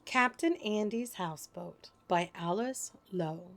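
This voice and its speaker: A woman reading children's stories and rhymes aloud, expressive and animated. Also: fairly high pitch, normal speed, creaky. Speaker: storyteller. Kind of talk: children's storybook read-aloud.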